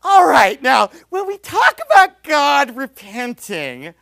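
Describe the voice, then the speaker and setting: A man's voice: extremely high pitch, wildly swooping pitch, slow, vocal fry, bright, forceful tone, no echo, raised voice, clean studio sound, voice pushed up, heavily acted. A man imitating another preacher's chirpy, over-cheerful way of talking, as if to toddlers. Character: grown male preacher, chirpy sing-song tone.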